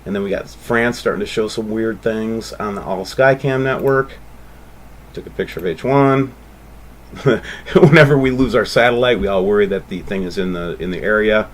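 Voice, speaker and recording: A man hosting a channel, talking casually and excitably over photos, rambling and calling out to viewers. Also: fairly low pitch, normal speed, slight background noise. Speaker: channel host.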